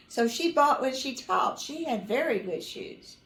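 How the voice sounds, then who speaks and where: This older mother recalls family stories slowly, with long pauses, in a slightly high, animated voice that echoes around her. Her casual telling meanders and self-corrects, with dry humor and soft chuckles.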